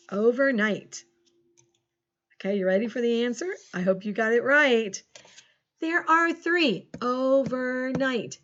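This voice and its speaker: A middle-aged woman teacher leading a recorded phonics lesson for young children, upbeat and encouraging, spelling words out slowly letter by letter. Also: on the high side, a bit bright, lo-fi sound.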